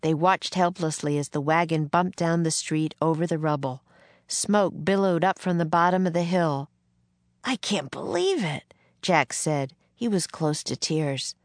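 Woman reading a kids' chapter book, lower voice, very dry close sound. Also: moderate pace, no room sound. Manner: clear, steady storytelling. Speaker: narrator. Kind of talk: children's audiobook reading.

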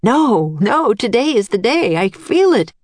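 A woman's voice: on the high side, sing-song, a little slow, darkish tone, dry recording, pitched above the performer's own voice. A woman reading aloud, voicing a confident old male inventor in a storybook who speaks in a grand, assured way. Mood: determined.

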